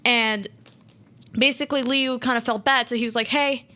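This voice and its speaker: Chatty young woman, bright voice. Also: fairly high pitch, steady tone, moderate pace. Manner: rambling, many "like"s and restarts, acts out quotes. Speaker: radio show host. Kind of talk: casual retelling of a horror story.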